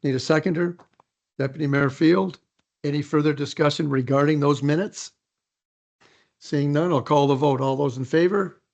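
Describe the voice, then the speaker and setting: A man chairing a council meeting in a council chamber, reading his report and calling motions in a measured, procedural way. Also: on the high side, fairly even intonation, creaky, darkish tone, muffled recording.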